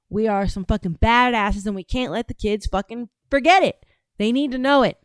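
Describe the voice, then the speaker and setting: A woman's voice: on the high side, moderate pace, clear, resonant tone, no room sound, clean studio sound. A woman hosting a casual livestream, reading out chat and talking in a brash, profane, drawling way.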